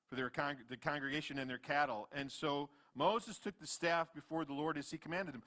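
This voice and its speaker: Bright-voiced pastor preaching a sermon. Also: male voice, brisk, hardly any pauses. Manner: swings from loud, animated retelling to low, quiet asides. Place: church sanctuary.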